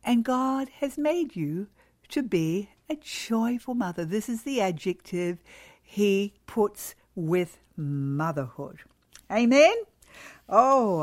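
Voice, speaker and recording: A woman giving a devotional talk to mothers, exhorting and emphatic, acting out cheerful replies to strangers. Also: medium pitch. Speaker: speaker addressing mothers.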